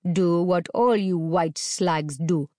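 A woman's voice: on the low side, slow pace, warm tone, no echo, studio quality. A woman reading aloud, putting on the voice of a brutal, menacing man who snarls out demands. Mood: contemptuous.

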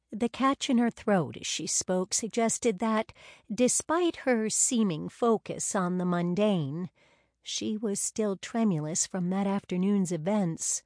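A woman narrating a novel in a measured, unhurried reading. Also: medium pitch, darkish tone, dry recording, studio quality. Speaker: audiobook narrator. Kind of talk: scripted narration.

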